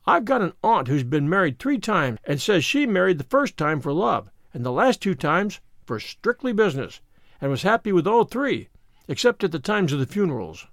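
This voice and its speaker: A man voicing an excited teenage servant girl who gushes in breathless chatter. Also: high voice, moderate pace, dry recording, studio quality, full character voice. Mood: gushing.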